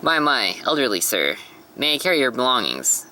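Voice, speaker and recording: A man's voice: medium pitch, big pitch swings, normal speed, pushed and bright, slight background noise, rough recording. A man voicing a cheeky, fussy male toy soldier in a casual manga read-aloud.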